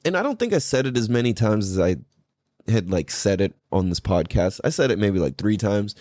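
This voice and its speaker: A man hosting a podcast, telling a story in a casual, profane and animated way. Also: fairly low pitch, a little fast, dry recording, clean studio sound. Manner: animated, profane, laughing often. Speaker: podcast host.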